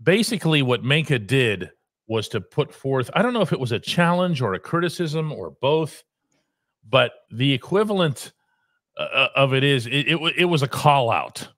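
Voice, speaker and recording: A sports columnist hosts a talk show, measured and wry as he explains the news. His voice sits at a middle pitch. The recording is dry and close. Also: very animated, fairly bright tone, no echo.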